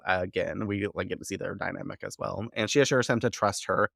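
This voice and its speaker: Gravelly low-voiced man recapping casually. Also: steady tone, a little fast, few pauses, a bit bright, dry recording, studio quality. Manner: loose and rambling, heavy on "like", swears freely, laughs often. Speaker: podcast co-host recapping episodes.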